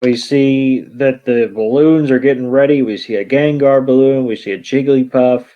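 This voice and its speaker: A man's voice: medium pitch, moderate pace. A man with a mid-range voice walks through a movie scene by scene on a podcast. He rambles, with plenty of fillers. The recording sounds dull and lo-fi. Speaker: podcast co-host. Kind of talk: casual movie recap chat.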